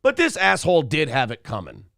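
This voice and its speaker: A man's voice: a little high, huge pitch swings, brisk, gravelly, a bit bright, dry recording, clean studio sound. A man co-hosting a morning talk show, joking crudely and reading chat comments aloud. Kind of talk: irreverent comedy chat.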